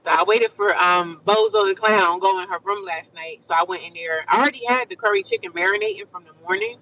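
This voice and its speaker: Chatty, bright-voiced woman on a livestream. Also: medium pitch, distant mic, lo-fi sound, slight background noise. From United States. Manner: chatty, animated, repeats herself, calls viewers honey and sis. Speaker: livestream vlogger. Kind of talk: casual livestream chat with viewers.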